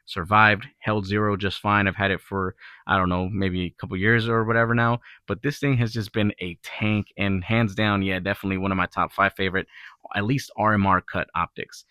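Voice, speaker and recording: A man's voice: lowish voice, brisk, clear, resonant tone, no room sound. A man hosting his own channel, talking casually through a gear review with lots of fillers and restarts. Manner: relaxed, rambling, filler-heavy. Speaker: gun channel host. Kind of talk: casual product review talk.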